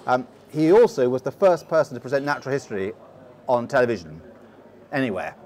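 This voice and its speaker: A man's voice: mid-range voice, very animated, fairly quick, a little mellow. A middle-aged man with a posh English accent, telling long stories as a guest in an interview, often restarting his sentences. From England. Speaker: guest explorer. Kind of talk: storytelling interview.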